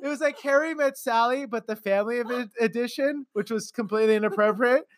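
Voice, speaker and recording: A middle-aged man chatting casually on a podcast, animated and quick to laugh, with some swearing. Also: extremely high pitch. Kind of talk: casual chat.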